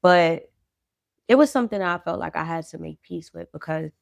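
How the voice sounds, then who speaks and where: Creaky-voiced woman sharing personal grief. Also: on the low side, moderate pace, dry recording, clean studio sound. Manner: earnest, reflective, talks through grief and faith. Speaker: guest, clothing brand founder. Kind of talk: candid personal storytelling.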